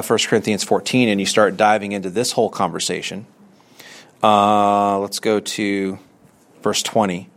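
A male Bible teacher with a lowish voice delivers a conversational sermon, posing rhetorical questions and reading scripture aloud.

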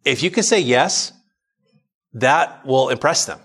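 A man preaching a sermon at a medium pitch. He talks in a relaxed, chatty way, acting out little exchanges, then climbs higher and louder as he presses his points home. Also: unhurried, pauses often, slightly rough. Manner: conversational, then builds to emphatic preaching. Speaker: pastor. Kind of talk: sermon teaching.

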